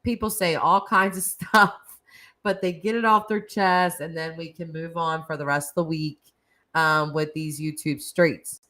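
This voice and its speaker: A woman from the United States hosts a casual live stream, chatting and laughing as she reacts to viewer comments. Her voice is low-pitched and steady, with a measured pace and a pushed, bright quality.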